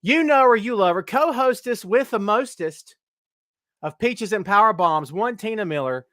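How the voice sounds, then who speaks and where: A middle-aged man with a high-pitched voice hosts a casual live stream. He keeps up loud, joking, self-mocking banter as he greets viewers by name. The sound is dry and close, with no room echo. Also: animated, moderate pace. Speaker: host.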